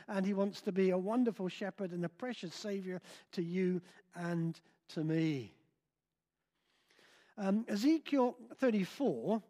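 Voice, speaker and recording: An older man preaching a sermon in a church, slow and halting with many filler sounds. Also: high voice, a little mellow. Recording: long reverb in a hall.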